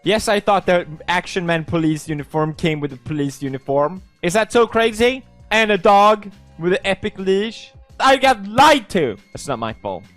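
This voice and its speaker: A man's voice: high voice, animated, moderate pace, hardly any pauses, fairly bright tone, faint music behind. A young man from Sweden reading posts aloud in casual commentary, sarcastic and playful, laughing often.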